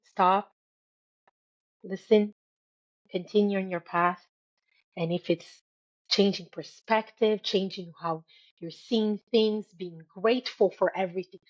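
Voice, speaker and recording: A woman's voice: medium pitch, fairly even intonation, takes it slowly, pauses often, lo-fi sound. A woman guest in an interview, speaking earnestly and emphatically about moving through hard times, repeating key words for stress. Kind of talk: motivational interview talk.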